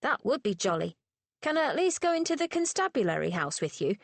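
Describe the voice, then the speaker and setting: Small cockney urchin, piping and eager, woman reader doing the voice, high pitch, dry close sound. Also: sing-song, fairly quick, creaky, no room sound, heavily acted. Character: cheeky cockney street boy, small and eager.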